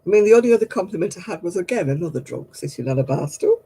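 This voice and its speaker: A woman's voice: fairly low pitch, animated, rapid-fire, creaky, dark tone, husky, poor audio. A woman hosting a livestream craft night, who chats casually, tells stories and laughs at herself often. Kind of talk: casual chat.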